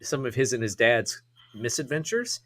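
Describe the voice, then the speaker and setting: Lively-voiced man making emphatic points. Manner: deliberate, emphatic, lively pitch. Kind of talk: casual chat.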